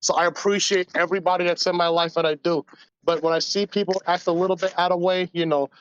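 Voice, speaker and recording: A man's voice: high-pitched, flat delivery, fast, clean tone, dull audio. A man hosting a casual podcast, ranting in a crude, rambling way and slipping into voices. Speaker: podcast host. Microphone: voice call.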